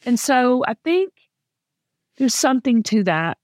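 A woman's voice: on the high side, very animated, unhurried, dry recording, studio quality. A woman with a Southern US accent, a guest speaking earnestly and sassily, often repeating and restarting words. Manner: sassy. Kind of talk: heartfelt conversational interview.

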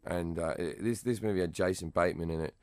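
Australian man, very low voice, dry close sound, swearing freely, self-mocking interview chat. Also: fast, a little mellow, dry recording. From Western Australia. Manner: blunt, profane, self-mocking. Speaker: comedian guest.

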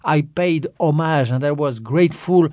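A man in his fifties with a strong French accent, talking as an author in an interview, expressive and repeating phrases for emphasis. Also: fairly high pitch, moderate pace, dry recording. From France. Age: 50s. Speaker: author and guest. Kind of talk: interview conversation.

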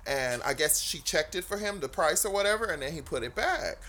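A woman co-host telling a comedic story, acting out every line of dialogue and laughing often. Her bright voice leaps up and down. She speaks into a studio microphone. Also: deep voice, brisk. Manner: animated, acts out both sides of dialogue, laughs often.

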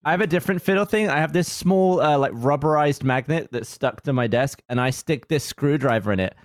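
A man co-hosting a podcast, telling animated stories in casual chat. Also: on the high side, a little fast, no echo, clean studio sound. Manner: animated storyteller, laughs mid-sentence. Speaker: podcast co-host.

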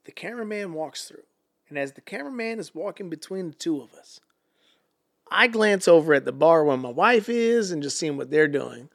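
Gravelly, bright-voiced man telling stories. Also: fairly high pitch. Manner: animated, profane, acts out quotes. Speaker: podcast guest. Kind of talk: casual storytelling.

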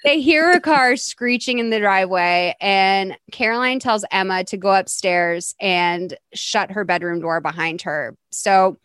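A woman's voice: mid-range voice, a little slow, few pauses, clear, resonant tone, dry recording. Giggly woman recapping a movie. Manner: animated, giggly, lots of "like". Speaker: podcast host. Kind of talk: casual movie recap chat.

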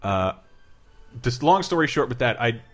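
A man co-hosting a podcast, chatting casually in a rambling, animated way and swearing now and then. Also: mid-range voice, normal speed, faint music behind. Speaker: podcast co-host.

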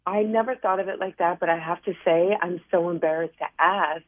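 A woman's voice: fairly low pitch, steady tone, brisk, no echo. A young woman calling in to a radio advice show, nervous and embarrassed, with fillers like "um" and "like". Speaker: caller. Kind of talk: phone-in question. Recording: phone line.

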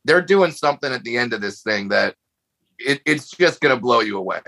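A man's voice: mid-range voice, animated, brisk, creaky, sharp tone, low-quality recording. A man chatting as a comedy guest on a podcast, enthusiastic and stumbling over repeated restarts. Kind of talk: casual chat.

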